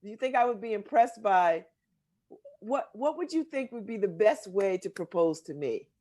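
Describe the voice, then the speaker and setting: A woman's voice: mid-range voice, expressive, normal speed, a little mellow. An American woman hosting a talk show, chatting casually and laughing often as she teases her guest. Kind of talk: casual chat.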